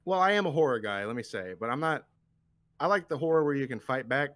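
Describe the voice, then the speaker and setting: A man's voice: medium pitch, expressive, fast talker, fairly bright tone, no echo, studio quality. A man co-hosting, chatting in a joking, crude way. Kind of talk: casual chat.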